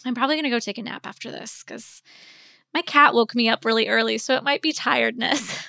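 Give me a sleepy woman in her forties telling a personal story, smooth clear voice, close dry mic. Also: fairly high pitch, a little fast, bright, forceful tone, no echo. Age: 40s. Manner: candid, rambling, with many fillers. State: sleepy, yawning. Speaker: podcast host.

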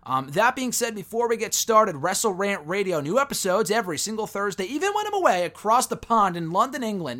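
A man's voice: high voice, a bit bright. An American man hosting a podcast, talking in an upbeat, chatty way. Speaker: podcast host. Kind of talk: casual podcast intro and interview.

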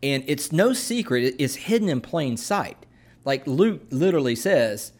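A man's voice: fairly high pitch, very animated. A man in casual conversation, explaining at an easy pace with frequent fillers and restarts, like a co-host teaching on a talk show. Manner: unhurried, with many fillers and restarts. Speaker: podcast co-host explaining scripture.

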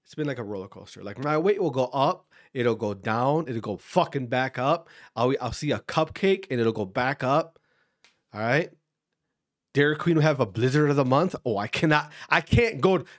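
Congested, profane man ranting on a podcast. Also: fairly high pitch. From Wisconsin. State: congested from allergies. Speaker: podcast host. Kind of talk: casual solo rant.

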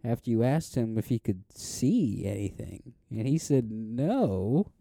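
A man hosting a comedy podcast in a mock-formal, deadpan way, playing the moderator. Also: medium pitch, unhurried, vocal fry, no echo, clean studio sound. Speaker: podcast host. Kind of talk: mock talk-show hosting.

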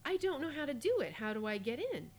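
A woman's voice: high-pitched, huge pitch swings, fast, voice pushed up. A woman voicing a frightened young girl who pleads and cries out while reading a fairy tale aloud. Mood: feigning innocence.

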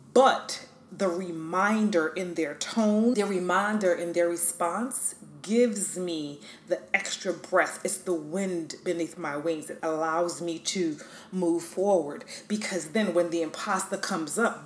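A woman's voice: fairly low pitch, a little hiss or hum. A woman hosting a podcast, speaking emphatically and encouragingly straight to the listener. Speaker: podcast host. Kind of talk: motivational talk. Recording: echoey room.

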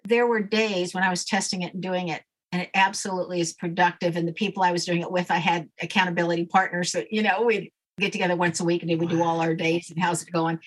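A woman's voice: lowish voice, little pitch movement, fast, few pauses. A woman guest coach giving confident, matter-of-fact instructions in an interview.

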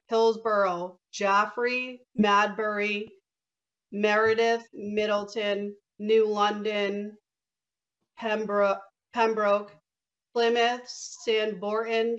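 A woman's voice: fairly high pitch, a bit bright, dull audio. Earnest, emotional woman with a raised voice. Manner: earnest and emotional, reads out a long list. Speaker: guest organizer. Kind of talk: live guest remarks.

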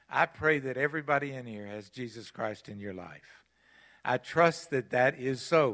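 With a mid-range, fairly bright voice, an older man serving as guest preacher gives an emphatic sermon, repeating his central phrases. The church's long hall reverb surrounds him.

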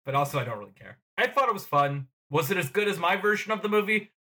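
Animated bright-voiced man, laughing often. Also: sits high, fast. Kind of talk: casual film discussion.

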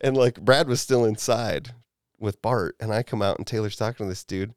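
Speaking at a moderate pace with a voice on the low side, a man hosting a podcast spins a profane, lively tale, acting out what people said. The sound is studio quality with no room sound.

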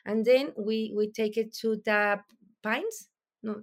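A woman with a Mexican accent, a native Spanish speaker, explaining her production in halting English with many restarts as she searches for words. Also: on the high side. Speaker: mezcal producer. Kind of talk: interview answers.

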